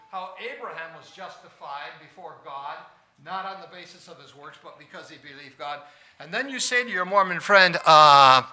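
A man preaching a sermon, swinging between loud stressed lines and quiet asides and asking his listeners questions. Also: a little high.

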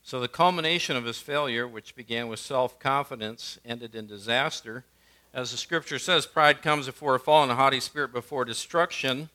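This sermon comes from a male pastor whose clear, bright voice sits mid-range for a man and moves at a normal speed. He alternates between forceful, emphatic lines and quiet, hushed ones.

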